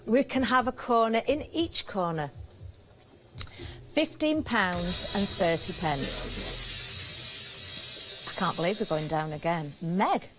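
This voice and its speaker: A British woman presenting on a live TV shopping channel, chatty and giggly as she banters with the crew, her voice slightly hoarse. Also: medium pitch, lively intonation, slow pace, long pauses, soft background music. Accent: British English. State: slightly hoarse, throat catching.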